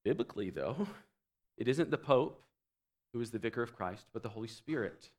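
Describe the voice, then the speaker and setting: A man preaching a teaching sermon, explaining doctrine and swinging between loud emphatic phrases and quiet low asides. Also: expressive, a little fast. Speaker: pastor.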